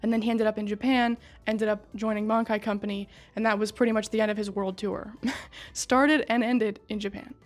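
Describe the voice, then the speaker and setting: A woman giving a casual, excitable recap of a story, swearing, laughing and talking back to the characters. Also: mid-range voice, brisk.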